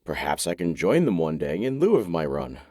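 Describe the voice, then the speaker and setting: A man's voice: big pitch swings, a little fast, dark tone, no echo, clean studio sound. A man narrating a romance audiobook in the first person, wry and intimate in manner. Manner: wry, intimate, low-key.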